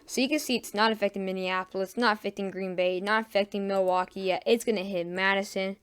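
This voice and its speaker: A woman casually giving a homemade weather forecast, halting often with fillers and correcting herself mid-sentence. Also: mid-range voice, fairly even intonation, fairly bright tone, clear, resonant tone. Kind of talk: casual weather forecast over radar maps.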